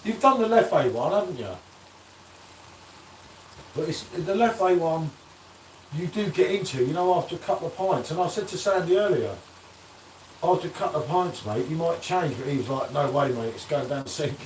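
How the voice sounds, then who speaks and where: A man's voice: on the high side, animated, normal speed, long pauses, slight background noise. A man hosting a casual live beer-review stream, bantering and reading out viewer comments. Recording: echoey room, distant from the mic.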